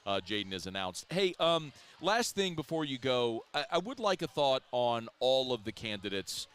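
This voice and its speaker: A man's voice: mid-range voice, big pitch swings, moderate pace, a bit bright, clean tone. A man hosting sports talk radio in a casual way, chatty and asking long, winding questions.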